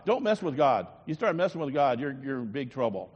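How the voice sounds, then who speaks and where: A man's voice: medium pitch, big pitch swings, brisk, husky. A man preaching a sermon as a pastor, moving between prayer and storytelling in a folksy, earnest way with frequent fillers. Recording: dull lo-fi recording in a long-echoing hall.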